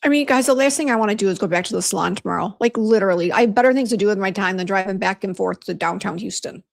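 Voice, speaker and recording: A woman's voice: mid-range voice, very fast, vocal fry. A woman hosting a casual beauty livestream, chatting and venting while reading viewer comments aloud. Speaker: beauty brand host on livestream.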